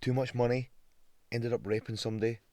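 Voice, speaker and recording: A Scottish man in his thirties, a guest on a podcast, telling lively stories in casual chat, swearing freely and acting out the voices of people he meets. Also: mid-range voice, fast talker, no room sound. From Scotland. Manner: animated storyteller, swears a lot, acts out quotes. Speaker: guest, pro fighter.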